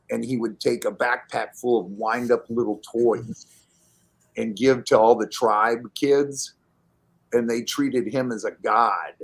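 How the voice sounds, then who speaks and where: Man, casual storyteller, animated delivery, acts out quotes, laughs a lot. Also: fairly low pitch. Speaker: podcast guest telling stories.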